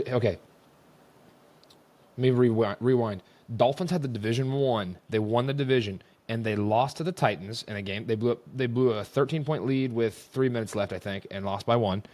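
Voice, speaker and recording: A man's voice: mid-range voice, darkish tone. A young man hosting a casual sports rant, exasperated and rambling as he vents. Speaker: host.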